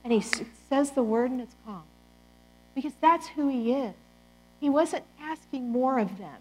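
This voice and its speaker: High-pitched woman preaching to parents, chatty and animated, acts out bible quotes. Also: moderate pace. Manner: animated, conversational, quotes scripture in character. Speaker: Christian speaker to parents. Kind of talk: talk to a church audience.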